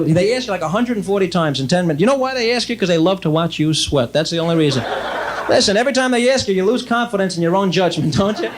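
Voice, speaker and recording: A young man doing a stand-up routine on stage, chatty, with quick asides and frequent self-interruptions. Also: high voice, expressive, a crowd in the background. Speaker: stand-up comedian. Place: stage before a laughing audience.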